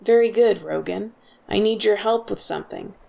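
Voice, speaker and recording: A woman's voice: mid-range voice, fairly even intonation, moderate pace, creaky, mellow, natural voice. A woman voicing a young soldier impostor who talks down to guards in a commanding, cutting way. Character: young soldier impostor, bossy and sharp-tongued.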